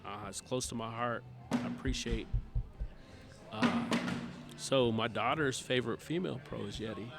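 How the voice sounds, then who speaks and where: Gravelly guy guest telling a story, animated and chatty, music going in the background. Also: medium pitch, moderate pace, long pauses. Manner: animated, chatty storyteller who acts out dialogue. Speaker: podcast guest, cornhole player. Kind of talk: casual storytelling chat.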